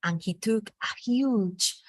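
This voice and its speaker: A woman teacher with a Colombian accent, reading a storybook aloud to a class with expressive, animated delivery before moving on to teaching. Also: medium pitch, slow pace, no room sound. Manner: expressive, animated read-aloud with acted character lines. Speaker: teacher leading a reading workshop.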